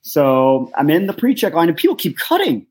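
Ohio co-host, husky mid-pitched voice, animated profane storyteller. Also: moderate pace. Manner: animated, swears, acts out quotes. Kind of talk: casual storytelling chat.

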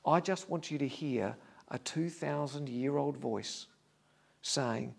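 A male pastor preaching an earnest sermon, dropping to a hush on key lines. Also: medium pitch, takes it slowly, vocal fry. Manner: standing before a congregation.

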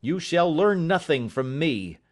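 A man's voice: fairly high pitch, normal speed, natural voice. A man doing a defiant young son, raised and heated. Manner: heated, indignant delivery.

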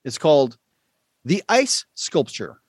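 A man hosting a casual podcast quiz, playful and quick to laugh. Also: fairly high pitch, husky, no echo. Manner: playful, laughs often, lively delivery. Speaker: quiz show host.

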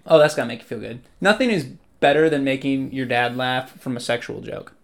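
A man's voice: medium pitch, a little fast, creaky. Rambling young man, casual chat. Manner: rambling, teasing, swearing.

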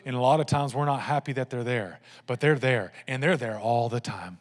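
A man's voice: medium pitch, fairly quick. Man preaching in a reverberant hall. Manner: animated, humorous storytelling to a congregation. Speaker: pastor. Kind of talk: sermon with personal stories.

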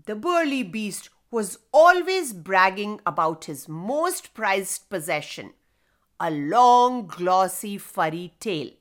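Slow, lively woman telling a children's story. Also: medium pitch. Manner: slow, expressive, addresses children.

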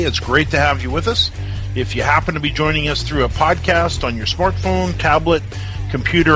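A man's voice: fairly high pitch, bright, forceful tone. A man hosting a radio show, upbeat and chatty with rambling asides. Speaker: host. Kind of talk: casual chat.

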